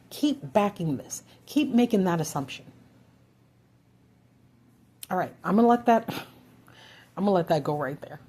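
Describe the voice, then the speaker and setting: Woman, vlogger, impassioned rant, husky, mellow low voice, urgent. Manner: frustrated, urgent, swearing, rhetorical questions.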